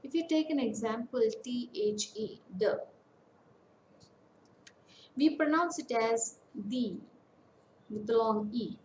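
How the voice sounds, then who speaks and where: Slow, deliberate woman lecturing. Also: a little high, reverberant, a little hiss or hum, rough recording. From India. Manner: slow, deliberate, lists words one by one with pauses. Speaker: academic counsellor. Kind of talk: online lecture on English phonetics.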